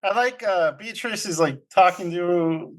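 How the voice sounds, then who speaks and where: A man co-hosting a casual podcast, recapping a film and quoting characters in quick put-on voices, laughing often. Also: high voice. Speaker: podcast co-host.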